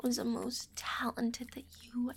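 A young woman in a whispered role-play, speaking in an intimate, teasing, affectionate breathy whisper. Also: a little high, completely flat delivery, a little slow, a little hiss or hum. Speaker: audio role-play performer.

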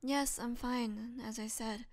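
A woman's voice: on the high side, steady tone, takes it slowly. A woman voicing a starving vampire who is the listener's best friend, in an audio role-play. She pleads with strain, then turns coaxing and menacing. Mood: weary, subdued.

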